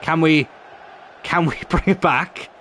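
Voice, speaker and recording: A man's voice: a little high, slow, a bit bright, slight background noise. Swearing man commentating his game. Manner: frustrated, swearing, talks to the players on screen. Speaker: gaming YouTuber playing a football career mode. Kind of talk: live gameplay commentary.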